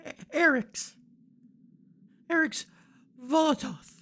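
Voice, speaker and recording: A man's voice: very high voice, sharp tone, voice pushed up, exaggerated voice. A man voicing a frightened, grieving young village boy who stammers through his sobs. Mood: shaky. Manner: sobbing, halting, stammering repeats.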